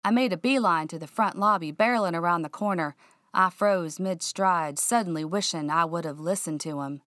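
A woman reads a first-person mystery aloud in a low, drawling voice. She keeps her telling hushed and suspenseful. The recording is dry and close. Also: normal speed, no echo. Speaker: narrator. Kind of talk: first-person audiobook narration.

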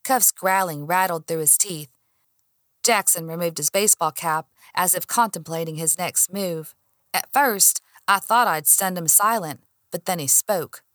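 A woman reading a first-person audiobook in an expressive way, acting out her own heated lines. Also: lowish voice, measured pace, no room sound, studio quality. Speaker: audiobook narrator.

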